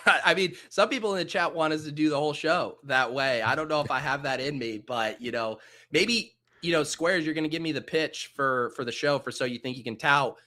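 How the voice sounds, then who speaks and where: A man's voice: on the high side, brisk, hardly any pauses, bright, forceful tone. A man hosting a podcast in an upbeat, casual way, laughing easily. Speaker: podcast host. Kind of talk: casual chat.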